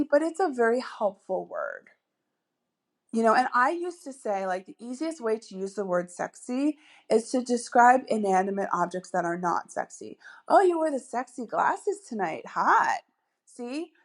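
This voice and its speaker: A woman's voice: a little high, darkish tone. A woman hosting a solo podcast as a dating coach, chatty and upbeat, with many asides and fillers.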